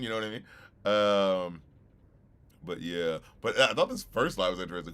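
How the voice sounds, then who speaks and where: Rambling man reacting to music, lowish voice. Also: expressive, normal speed, pauses often, fairly bright tone, clear, resonant tone. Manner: rambling, heavy on fillers and "you know what I mean", swears casually. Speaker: music reviewer hosting a listening stream. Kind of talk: casual reaction commentary.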